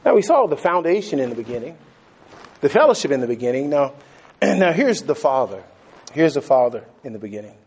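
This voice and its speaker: A man preaching a sermon, animated, laughing often and repeating phrases for emphasis. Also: mid-range voice, a little fast, husky.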